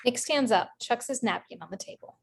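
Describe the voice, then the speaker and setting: A woman reading screenplay stage directions in a brisk, matter-of-fact way. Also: on the high side, lively intonation, breathy edge. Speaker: narrator reading action lines.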